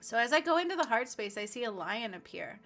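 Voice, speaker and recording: A woman guides a spiritual healing session in a bright, clear voice that rides over faint music. She talks slowly and earnestly and voices affirmations aloud as if she feels them herself. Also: fairly high pitch, big pitch swings. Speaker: spiritual healer.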